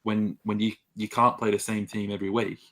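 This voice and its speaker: A man on a footy podcast panel, talking in a measured way with plenty of hedging fillers. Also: on the low side, level tone, crowd noise. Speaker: guest fan panelist. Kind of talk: casual footy chat.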